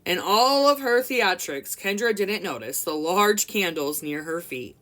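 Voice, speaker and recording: A woman's voice: lowish voice, expressive, a little slow, a bit bright. A young woman reading a memoir aloud expressively, breaking off for casual commentary. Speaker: book reader and commentator.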